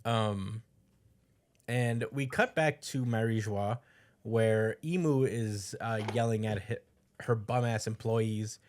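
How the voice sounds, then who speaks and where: A man's voice: fairly low pitch, slow, darkish tone. A man co-hosting a podcast, casually recapping a comic chapter, rambling with lots of fillers and acting out the characters' lines. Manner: rambling, many fillers, acts out quotes. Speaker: podcast co-host.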